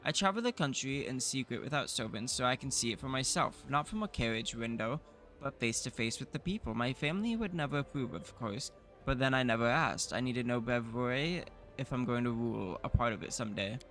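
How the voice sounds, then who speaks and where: A man's voice: mid-range voice, expressive, fairly quick, fairly bright tone, faint music behind, natural voice. A man reading out the lines of a self-assured young male noble heir in a fantasy game. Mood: persuasive. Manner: confident, persuasive. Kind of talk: reading game dialogue aloud.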